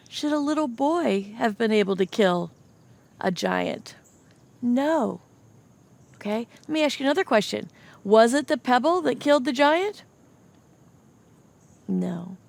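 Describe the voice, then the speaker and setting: A woman's voice: sits high, animated, slow pace, vocal fry, long pauses, darkish tone. A young adult woman teaching children a Bible story, telling it with animation and asking the kids questions.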